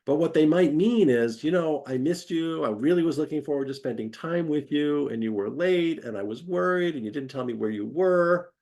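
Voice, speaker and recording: A man's voice: a little high, expressive, normal speed, few pauses, darkish tone. A man giving a conversational academic lecture, acting out quoted voices as he explains.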